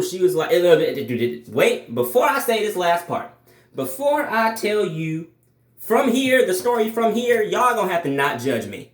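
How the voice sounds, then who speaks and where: A young man telling a storytime vlog, swearing, restarting sentences, animated. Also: high-pitched, moderate pace, reverberant. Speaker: vlogger.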